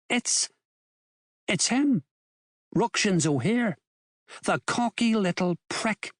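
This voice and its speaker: A man reading an audiobook in a measured, unhurried way, his voice rising and falling with lively expression. The recording is dry and close, with no room sound. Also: a little high, no room sound. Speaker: audiobook narrator. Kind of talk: scripted narration.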